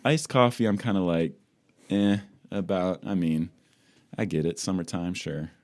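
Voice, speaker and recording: A man's voice: deep voice, measured pace, a little mellow. A man co-hosting a casual podcast over a drink, playful and upbeat, repeating phrases for fun. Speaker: podcast co-host. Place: home in the UK on a video call.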